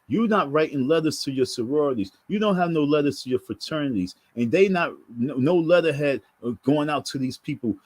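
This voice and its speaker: A man's voice: a little high, a little mellow, slightly rough, dry recording. A man ranting to camera in a profane, scolding monologue, hammering his points through repetition. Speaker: vlogger.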